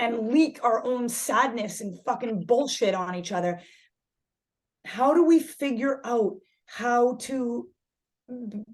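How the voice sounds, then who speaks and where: A woman yoga instructor talking candidly as a podcast guest, animated, swearing freely and restarting her sentences as she searches for words. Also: on the high side. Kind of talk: casual podcast conversation.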